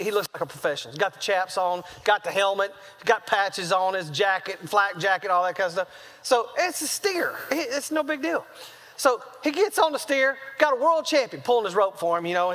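A high-pitched male preacher with a drawl tells his sermon as a comic story. He acts out each quote with lively voices. His voice rings out with a long echo through a large hall. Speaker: traveling preacher.

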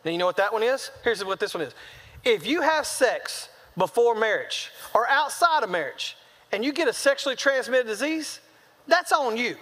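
A man preaching a sermon, telling a comic story and acting out the quotes with animated delivery. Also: extremely high pitch, normal speed. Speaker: traveling preacher. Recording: long reverb of a large hall.

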